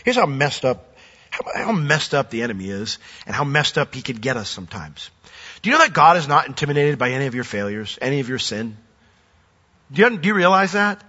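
A pastor preaching a sermon, lively and animated, often acting out voices. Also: male voice, medium pitch, fairly quick, breathy edge. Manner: animated, acts out quoted voices. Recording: dull recording with long hall reverb.

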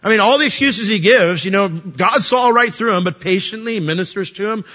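High-pitched, pushed and bright, this pastor talks a little fast through a conversational sermon full of jokes and rhetorical questions. A reverberant hall and dull lo-fi recording color the sound.

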